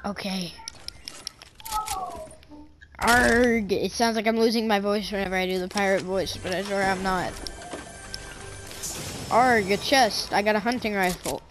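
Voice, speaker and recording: A woman putting on a hoarse pirate growl. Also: mid-range voice, a little slow, long pauses, over music, natural voice, low-quality recording. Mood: gruff. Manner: growls "arg" and says "matey". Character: gruff adult male pirate, gamer sidekick.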